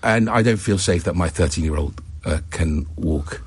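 Husky, hesitant man in interview. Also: sits low. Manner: hesitant, halting. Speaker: politician interviewee. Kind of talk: broadcast interview answer.

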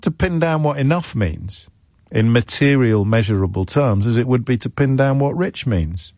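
A man's voice: mid-range voice, animated, moderate pace, a little mellow, no echo, studio quality. A man hosting a radio phone-in, telling stories in a wry, self-correcting way. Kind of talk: conversational storytelling.

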